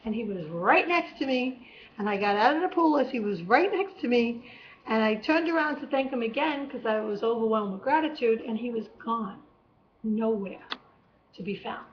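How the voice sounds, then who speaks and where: A woman's voice: a little high, normal speed. A woman telling a personal faith testimony in an earnest, emotional way, acting out her own cries as she recalls them. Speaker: vlogger. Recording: dull lo-fi home recording.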